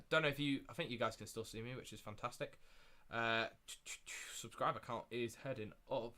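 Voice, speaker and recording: A young man hosting a live watchalong stream, chatting casually and repeating himself, getting loud and excited at big moments. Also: mid-range voice. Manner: excitable, repeats phrases, shouts when thrilled.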